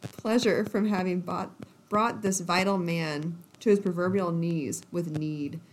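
Steady in tone and a little slow, this lowish female voice belongs to a podcast co-host. She reads romance passages out loud, dissolving into giggles and tossing in frequent asides.

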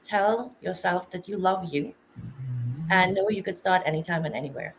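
A woman's voice: on the low side, moderate pace, a little hiss or hum, rough recording. A woman who is a guest author on a casual interview, speaking in an earnest, motivational way with some nervous restarts.

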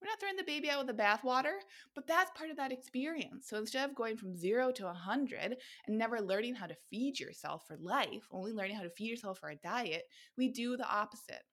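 A woman hosting a nutrition podcast, talking in an energetic, emphatic motivational monologue and swearing freely. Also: on the high side, brisk. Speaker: podcast host, nutrition coach.

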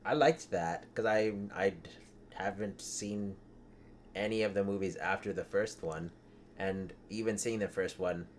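A man chatting casually about a movie, speaking haltingly and searching for words. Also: sits low, slight background noise. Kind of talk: casual movie review chat.

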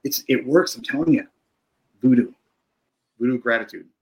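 A middle-aged man, a therapist, talking calmly and reflectively in a podcast conversation, often checking in with "right?". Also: mid-range voice, moderate pace, creaky, low-quality recording. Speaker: therapist guest.

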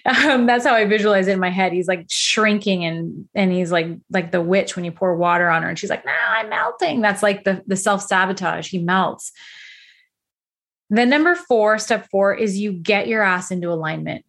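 Candid, energetic woman coach. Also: mid-range voice, moderate pace. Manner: candid, energetic, frequent fillers. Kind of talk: motivational talk.

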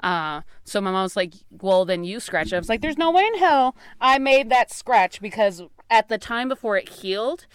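A woman's voice: medium pitch, moderate pace, few pauses, clear, resonant tone, no room sound, clean studio sound. Young woman telling a rambling ghost story. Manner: rambling, animated, lots of "like". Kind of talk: casual ghost story chat. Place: small closet.

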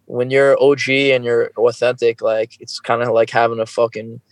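A man's voice: medium pitch, level tone, normal speed, no room sound, low-quality recording. Casting: male podcast host, casual and profane, close dry mic, acts out quotes. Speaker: music video director.

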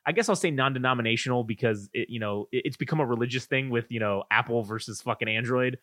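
A man's voice: medium pitch, fast talker, fairly bright tone, no room sound, studio quality. A man in his thirties, a podcast co-host telling a profane, ranting story in casual chat.

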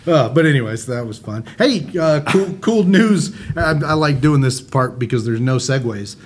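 A man's voice: mid-range voice, moderate pace, breathy edge. A man co-hosting a podcast, telling a story in casual chat and laughing his way through it. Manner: animated, laughing anecdote teller. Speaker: podcast co-host.

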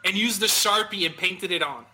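A man's voice: high-pitched, normal speed, pushed and bright, low-quality recording. A man joking around in a casual podcast chat, laughing often.

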